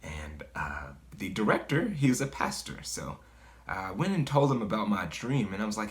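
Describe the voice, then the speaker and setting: Man with a lowish voice, relaxed spoken storyteller, loose and profane, heavy on "like.". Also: normal speed. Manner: loose and conversational, swears freely, many "like" fillers. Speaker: guest storyteller. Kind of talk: casual spoken personal story.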